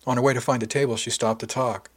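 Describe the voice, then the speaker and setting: Husky man narrating an audiobook. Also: medium pitch, fairly even intonation, fast. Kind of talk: first-person scripted narration.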